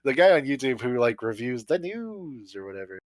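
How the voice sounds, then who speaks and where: A man's voice: mid-range voice, big pitch swings, a little fast, no echo, poor audio. Profane, giggly man on a dry mic. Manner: rambling, profane, laughs often. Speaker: guest musician. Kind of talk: casual podcast chat.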